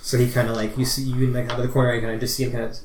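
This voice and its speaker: A man's voice: mid-range voice, flat delivery, very fast. A man narrating a tabletop game as game master, rambling and full of fillers. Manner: rambling, filler-heavy, laughing. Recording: roomy echo, faint noise.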